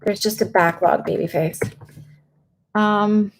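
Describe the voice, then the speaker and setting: A woman psychic medium doing readings on a live stream. She reads each viewer's question aloud and then answers in a loose, rambling way, full of "um"s and restarts. Her voice has a gravelly, fried edge, at a middle pitch. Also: fairly even intonation, takes it slowly, faint music behind. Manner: rambling and hesitant, with many fillers.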